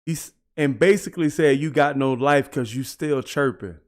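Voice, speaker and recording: A man's voice: medium pitch, moderate pace. A man hosting a music reaction video, chatting casually, breaking down lyrics and laughing often.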